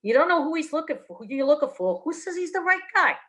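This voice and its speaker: A woman's voice: high-pitched, very animated, quick pace, a bit bright, pitched above the performer's own voice. A woman reading aloud voices a sarcastic, demanding male bartender in a noir story. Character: gruff sarcastic bartender man.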